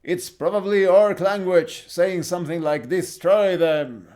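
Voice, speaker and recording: Man putting on a loud adventurer, excited battle calls, tabletop game, slow and high. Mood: knowing. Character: adventurer shouting a warning in battle.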